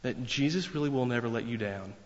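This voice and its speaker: A man's voice: medium pitch, fairly quick. A man preaching a sermon in an earnest, emphatic way, repeating phrases for weight. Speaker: pastor. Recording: long reverb, dull lo-fi sound.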